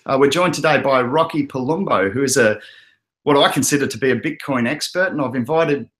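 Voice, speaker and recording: A man's voice: medium pitch, a little fast. An Australian man hosting an online show in easygoing, rambling casual chat, with frequent fillers and restarts. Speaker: host.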